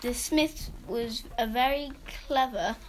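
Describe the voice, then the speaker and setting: A woman's voice: fairly high pitch, slow pace, slight background noise, rough recording. Woman reading a history story aloud. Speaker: narrator.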